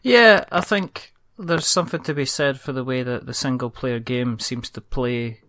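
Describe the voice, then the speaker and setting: A man hosting a podcast in casual chat, playful and quick to riff on jokes. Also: medium pitch, a bit bright, no room sound, studio quality. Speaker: podcast host.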